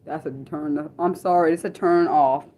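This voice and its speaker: A woman's voice: low-pitched, fairly even intonation, normal speed, mellow, a little hiss or hum. Woman hosting an unscripted livestream; rambling, apologetic, chatty reactions to viewers. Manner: rambling, often apologizing, reacting to chat comments. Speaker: livestream host. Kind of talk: casual unscripted livestream chat.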